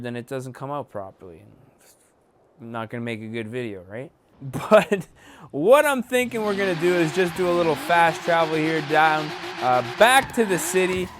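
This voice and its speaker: A man's voice: fairly high pitch, no echo. A man casually commenting on his own racing gameplay, rambling and laid-back, full of fillers. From Canada. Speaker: gaming YouTuber. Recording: loud game car and tire noise under the voice.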